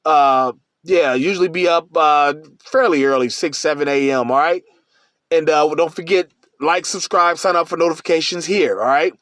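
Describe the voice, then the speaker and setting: A man's voice: on the high side, normal speed, fairly bright tone, no echo, studio quality. A man hosting his own podcast, ranting bluntly in a profane, rambling way with lots of repeats. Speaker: podcast host. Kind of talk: casual solo rant.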